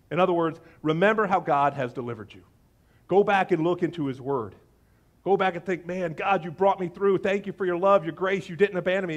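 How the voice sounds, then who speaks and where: A male pastor giving a sermon with animated storytelling, acting out the quoted voices of his listeners and biblical figures. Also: on the high side.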